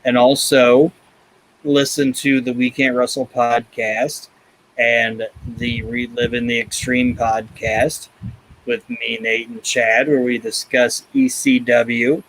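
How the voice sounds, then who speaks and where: Man, podcast host, unhurried delivery, blunt and profane, casual chat. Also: mid-range voice, little pitch movement, fairly bright tone, slight background noise, poor audio.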